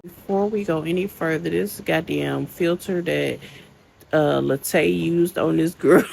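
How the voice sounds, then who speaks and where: A woman's voice: low voice, measured pace, vocal fry, darkish tone, faint music behind, rough recording. A woman hosting a commentary channel, reacting in a casual, slangy, indignant scolding way.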